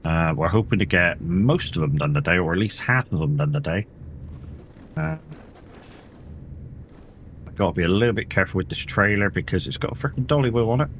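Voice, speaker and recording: A man's voice: deep voice, expressive, a little fast, long pauses, fairly bright tone, slight background noise. A tired man streaming a game, chatting casually in a rambling way and swearing now and then. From England. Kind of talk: casual live-stream chat while playing.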